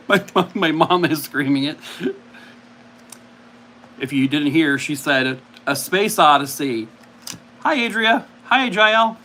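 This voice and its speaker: A man chatting casually on a live game stream, playful and quick to laugh at himself. His voice sits slightly high for a man. A faint hum hangs behind him. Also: lively intonation, bright, forceful tone. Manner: playful, laughs a lot, self-mocking. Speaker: streamer host.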